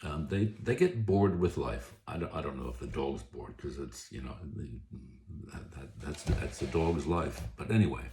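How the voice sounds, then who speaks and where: A man's voice: extremely low pitch, expressive, normal speed, warm tone. A man, an author, chatting casually about a book he likes, rambling and correcting himself as he goes. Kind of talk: casual book talk to camera. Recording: echoey room, faint noise.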